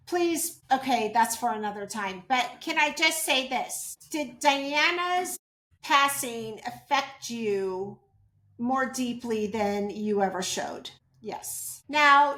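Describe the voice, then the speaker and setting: A woman's voice: high-pitched, fairly bright tone, echoey room. A woman running a casual tarot channeling session, asking spirits questions and reporting their answers. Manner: chatty, asks questions then reports answers.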